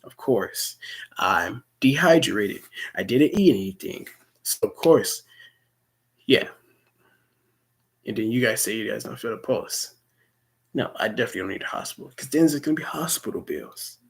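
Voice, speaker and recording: A man's voice: mid-range voice, lively intonation, moderate pace, creaky, pauses often, breathy edge. A young man rambling through a personal story, swearing often and stumbling over repeated words. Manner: rambling, profane, stammering restarts.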